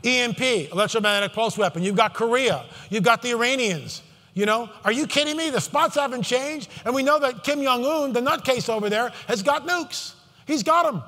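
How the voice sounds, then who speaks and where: Man, fervent conference speaker, emphatic, high voice, long hall reverb. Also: a little fast, pushed and bright. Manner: fervent, emphatic, with many asides and restarts. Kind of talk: impassioned stage talk.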